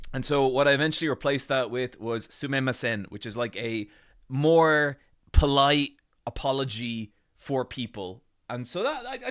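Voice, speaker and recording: A man's voice: mid-range voice, a bit bright. A man co-hosting a podcast, telling a story in casual chat, rambling and self-mocking with loose fillers and the odd swear. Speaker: podcast co-host.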